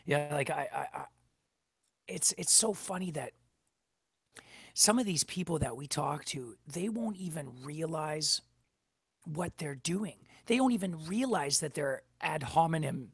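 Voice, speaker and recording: A man hosts a casual online chat, talking in a gravelly, husky voice. He rambles and swears freely as he vents. The sound is dry and close. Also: fairly high pitch, animated, measured pace, no room sound. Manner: swears heavily, rambling and heated. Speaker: livestream host. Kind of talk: casual chat on a video call.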